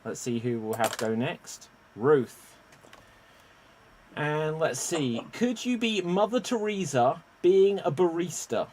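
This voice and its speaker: Man, improv show host, animated, loud exclamations, slightly high voice, unhurried. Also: slight background noise. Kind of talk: lively online improv show hosting.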